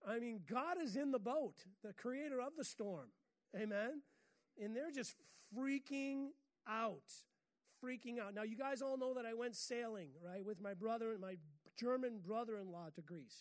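A woman's voice: mid-range voice, a little mellow. An American woman preaching a sermon in a chatty, humorous way, often laughing at her own stories. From United States.

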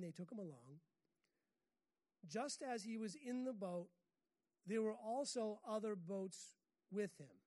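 A woman's voice: medium pitch, darkish tone. Joking American woman preaching. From United States. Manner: humorous, chatty, laughs often. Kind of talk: sermon.

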